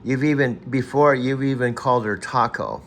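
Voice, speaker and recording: A man in casual chat who slowly spells out names syllable by syllable, growing exasperated. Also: mid-range voice, fairly bright tone, a little hiss or hum. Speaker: user talking to an AI assistant.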